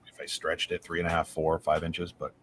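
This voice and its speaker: Married guy co-hosting, lowish voice, gets worked up and opinionated. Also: a little fast. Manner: animated storyteller, opinionated, swears. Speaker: podcast co-host. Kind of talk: casual chat.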